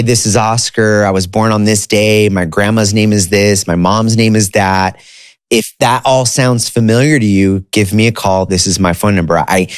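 A man's voice: sits low, no room sound, clean studio sound. A man in his thirties casually telling a personal story in a candid way, often saying "you know" and "dude".

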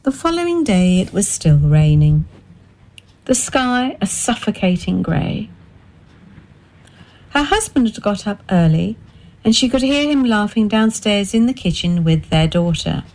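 A woman narrating a dark domestic story in a measured, expressive way. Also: mid-range voice, poor audio. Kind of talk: scripted narration.

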